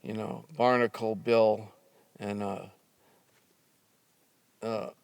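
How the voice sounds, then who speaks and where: Slow, gravelly older man telling a story. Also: lowish voice, flat delivery, no room sound. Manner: halting, many fillers and restarts, dry humor. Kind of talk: casual spoken storytelling.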